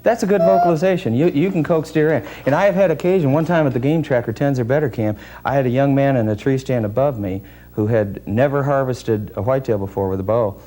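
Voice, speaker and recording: A man being interviewed as a deer calling expert, explaining in a measured, technical way with frequent pauses and hesitations. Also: medium pitch, dark tone, a little hiss or hum.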